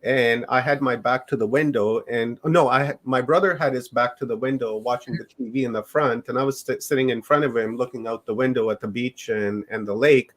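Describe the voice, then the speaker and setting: A middle-aged man from Canada, a podcast guest recounting his own experiences in a loose, unhurried way. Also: mid-range voice, steady tone. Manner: unhurried, rambling storytelling. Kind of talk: personal storytelling in an interview.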